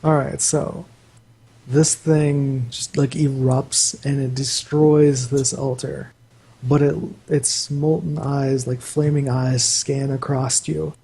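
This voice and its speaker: Slow, husky-voiced game master. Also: male voice, medium pitch, little pitch movement, dark tone, poor audio. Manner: loose, meandering, full of "like" fillers. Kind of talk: improvised tabletop game narration.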